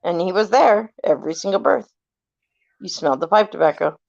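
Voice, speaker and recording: Animated woman storyteller, lo-fi sound. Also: lowish voice, a little fast, creaky, no room sound. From California. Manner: animated, acts out quoted voices, swears casually. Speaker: family member telling ghost stories. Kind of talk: casual storytelling chat. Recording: dull lo-fi recording.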